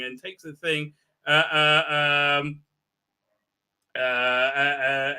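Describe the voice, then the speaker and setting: A man's voice: fairly high pitch, steady tone, unhurried, pushed and bright, clean tone. A man hosting a live stream recap, talking crudely and rambling with many fillers and restarts. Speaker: live show host.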